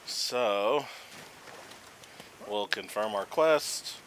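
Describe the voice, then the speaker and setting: A man with a fairly low voice gives relaxed, chatty commentary over a video game. His tone is bright and forceful, with faint background noise behind him. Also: unhurried, rough recording. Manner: relaxed, chatty, explains game mechanics as he plays. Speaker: gaming video host. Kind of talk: casual gameplay commentary.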